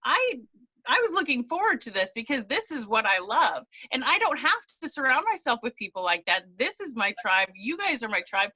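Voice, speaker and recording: A woman's voice: a little high, very animated, fairly quick, few pauses, pushed and bright, dry recording. Tearful woman on a dull video call. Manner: tearful and earnest, rambling with restarts. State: close to tears. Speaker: team member sharing her story. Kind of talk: emotional testimonial on a video call.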